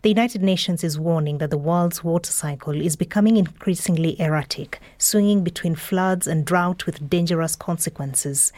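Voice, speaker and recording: A woman presenter reads the radio news headlines in a lowish voice. Her delivery is measured and formal. The sound is dry and close. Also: a little mellow, dry recording. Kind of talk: scripted news reading.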